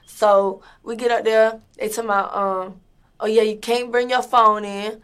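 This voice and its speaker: A woman's voice: a little high, level tone, a little slow, fairly bright tone, clear, resonant tone. A woman from Atlanta, telling a story in a blunt, profane, emphatic way.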